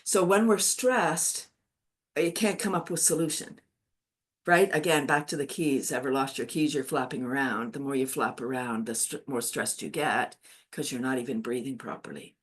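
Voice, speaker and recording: A woman's voice: extremely low pitch, normal speed. A woman leading a laughter yoga class over a video call. She talks in an upbeat, chatty way and laughs often while explaining. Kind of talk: guided exercise class.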